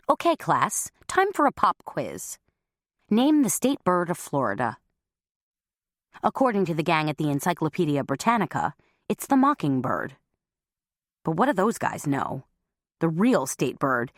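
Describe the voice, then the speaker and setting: Woman narrator, low lively voice, wry, dry close mic. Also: moderate pace, long pauses, no room sound. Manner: wry, conversational. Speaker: audiobook narrator. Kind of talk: first-person humorous narration.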